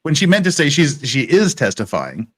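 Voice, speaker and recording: A man's voice: fairly high pitch, normal speed. A man hosting a casual livestream about a trial, talking wryly and thinking aloud. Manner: lively, wry, thinking aloud. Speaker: show host. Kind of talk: casual livestream legal commentary.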